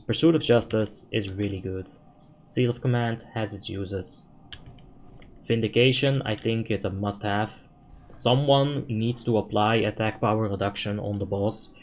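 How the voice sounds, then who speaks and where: A man's voice: fairly low pitch, a little slow, a little hiss or hum. Man, chatty gaming streamer. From Netherlands. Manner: relaxed, chatty, thinks out loud, swears when frustrated. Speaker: game streamer. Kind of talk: live gameplay commentary answering chat.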